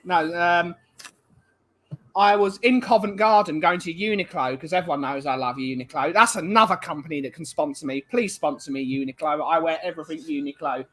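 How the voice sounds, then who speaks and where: Young male stream co-host, high bright voice, rambling and chatty. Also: a little fast. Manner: rambling, many fillers and restarts. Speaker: livestream co-host. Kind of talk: casual chat, reading viewer comments.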